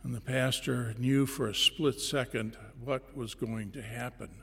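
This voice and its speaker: A man preaching a sermon, telling a parable slowly and deliberately, with pauses between phrases. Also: medium pitch, steady tone, creaky, a bit bright, husky. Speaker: pastor. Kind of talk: sermon storytelling. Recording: long reverb in a large hall.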